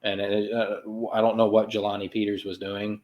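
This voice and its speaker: A man's voice: on the low side, completely flat delivery, normal speed, dull audio. A man hosting a soccer podcast, recapping a match in a loose, sarcastic monologue with playful sound effects and self-corrections. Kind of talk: casual sports recap monologue.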